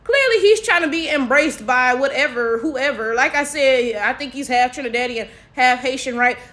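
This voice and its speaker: Sassy high-voiced African American woman. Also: animated, normal speed, fairly bright tone. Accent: African American English. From United States. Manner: chatty, sassy, full of tags like "right?". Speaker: commentary vlogger. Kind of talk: casual opinion commentary.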